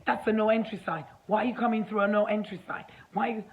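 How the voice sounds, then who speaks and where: Woman imitating a rude shouting man. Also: mid-range voice, fast, narrow, tinny audio, slight background noise, pitched above the performer's own voice, natural voice. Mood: angry. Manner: accusing, repetitive shouting. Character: rude shouting middle-aged man, hostile.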